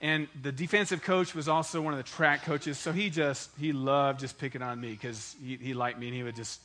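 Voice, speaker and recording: A man's voice: mid-range voice, steady tone, brisk, fairly bright tone, a little hiss or hum. A man in his forties preaching a sermon, telling a joking personal story and talking straight to the congregation. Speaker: pastor.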